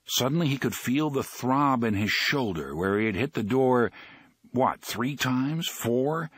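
A man reading a novel aloud as an audiobook narrator, in an expressive, dramatic way. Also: mid-range voice, unhurried, breathy edge, dry recording.

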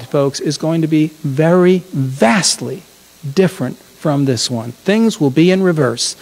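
A man's voice: a little high, a little mellow, low-quality recording. A man leading a congregation in a chatty, reflective sermon, often correcting himself mid-phrase. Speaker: congregation leader.

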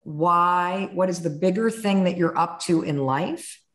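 A woman in her fifties from the United States, hosting a podcast with animated, candid storytelling and some swearing. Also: fairly low pitch, a little slow. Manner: animated storytelling, swearing, acts out inner voices. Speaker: podcast host. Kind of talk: candid conversational interview. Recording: roomy echo.

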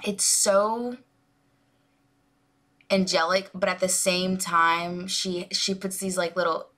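A woman's voice: on the low side, fairly even intonation, slow pace, a bit bright. A woman hosting a music reaction video, gushing and rambling with lots of fillers. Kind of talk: casual music reaction commentary.

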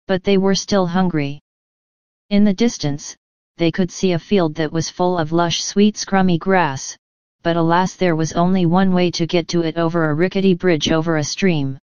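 Clear woman reading a storybook. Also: lowish voice, steady tone, normal speed, a little mellow, no room sound, dull audio. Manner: clear, careful reading for learners. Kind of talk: scripted storybook narration.

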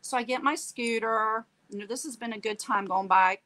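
Acting out the dialogue and frequently checking in with "okay?", a woman guest animatedly relates her own story with feeling. Her voice is on the high side and her pace normal, though the audio is poor.

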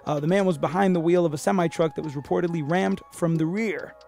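A man's voice: fairly high pitch, quick pace, creaky, soft background music. A man hosting a comedy podcast, reading odd news stories aloud and riffing on them with lots of profanity and put-on voices for the people he quotes. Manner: profane, animated, puts on voices when quoting people. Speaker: podcast host.

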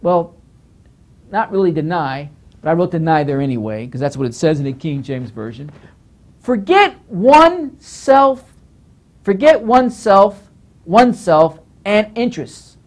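Emphatic pastor with a lively voice. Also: male voice, on the high side, moderate pace. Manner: emphatic, scolding, repeats phrases while working through the text. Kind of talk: Bible teaching lecture.

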